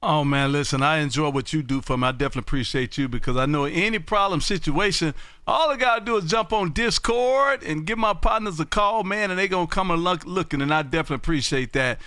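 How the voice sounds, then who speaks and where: A man hosting a ham radio show, calling CQ and chatting loudly and folksily with callers. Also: on the high side, smooth, no echo. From Texas. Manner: loud, folksy, drawn-out exclamations. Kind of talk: casual on-air radio chat.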